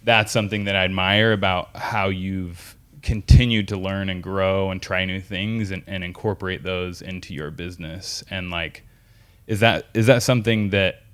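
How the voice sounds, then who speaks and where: A man's voice: deep voice, a bit bright, smooth. A man hosting a podcast interview, asking long, rambling questions in a casual way, full of fillers and restarts. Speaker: podcast host.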